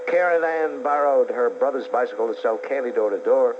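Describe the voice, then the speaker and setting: A man's voice: mid-range voice, fairly quick, over music. A man hosting call-in talk radio, combative and indignant. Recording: dull lo-fi radio tape with hiss.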